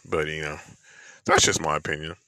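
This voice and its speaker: Vlogger, male, very low gravelly voice, bright edge, loose slangy rant with fillers. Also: fairly even intonation, moderate pace, no room sound. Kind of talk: casual opinion monologue.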